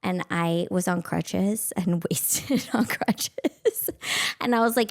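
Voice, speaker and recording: A woman's voice: mid-range voice, fairly even intonation, measured pace, a little mellow. A woman in her thirties from Texas hosting a podcast, chatting casually with frequent "like" and laughter. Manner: chatty, laughs often, lots of "like". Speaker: podcast host. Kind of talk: casual chat.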